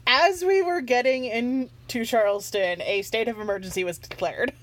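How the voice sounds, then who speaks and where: A woman's voice: a little high, moderate pace, low-quality recording. A woman telling long, rambling stories during a casual let's play chat, laughing often along the way. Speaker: co-host guest. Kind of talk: casual chat while playing a mobile game.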